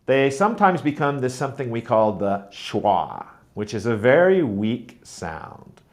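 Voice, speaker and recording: A man teaching a pronunciation lesson, speaking deliberately and modeling words and sentences aloud to show stress. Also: medium pitch, very animated, darkish tone. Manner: slow, deliberate, demonstrating stress patterns aloud. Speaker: teacher trainer.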